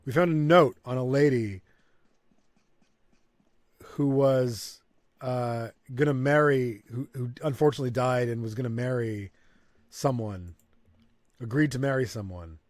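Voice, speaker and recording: A man's voice: mid-range voice, measured pace, pauses often, a little mellow, no echo. A man hosting a let's play, thinking aloud and reading game text in casual commentary.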